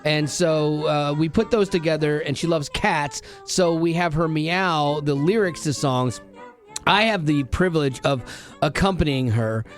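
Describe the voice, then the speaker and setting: A man with a high voice hosts a radio show and runs a playful on-air game. His chatter is joking and self-deprecating. A ukulele plays faintly in the background. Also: unhurried, soft background music. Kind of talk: playful morning radio chat. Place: radio studio. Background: ukulele playing.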